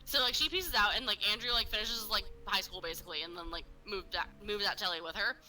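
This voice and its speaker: A woman's voice: mid-range voice, fast, sharp tone, faint music behind, poor audio. A woman co-hosting a casual podcast, telling a story full of fillers and swearing and acting out what people said. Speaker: podcast co-host. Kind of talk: casual true-crime podcast chat.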